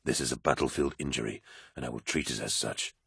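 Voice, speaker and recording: A man's voice: very deep voice, fast talker, creaky, a bit bright, husky, no room sound, clean studio sound, pitched below the performer's own voice, heavily acted. A man voicing an anguished male warrior captain who barks orders under strain. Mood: tense. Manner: tense, strained commands.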